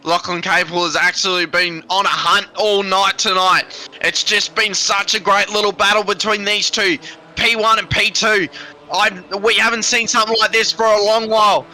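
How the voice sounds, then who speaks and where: A man calling a sim race live, excitable and rambling, a little out of breath. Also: high-pitched, normal speed. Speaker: sim racing commentator. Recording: noisy background.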